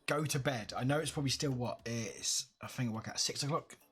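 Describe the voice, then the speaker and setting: A man's voice: medium pitch, fairly quick, a bit bright. A tired man chatting casually on a live stream, upbeat and greeting his viewers by name.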